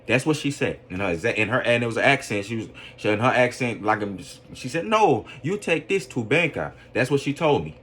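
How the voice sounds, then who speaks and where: A man with a fairly low voice delivers a loose, rambling opinion monologue on a podcast. He leans on constant fillers and keeps asking whether the listener follows him. At times he turns earnest and preachy about faith. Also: expressive, fast talker, few pauses, a bit bright, slight background noise. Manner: earnest, preaching religious conviction. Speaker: podcast commentator.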